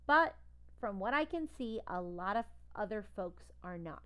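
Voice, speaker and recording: A woman doing a calm, soft-spoken old giraffe. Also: mid-range voice, measured pace, clean tone. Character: old gentle male giraffe.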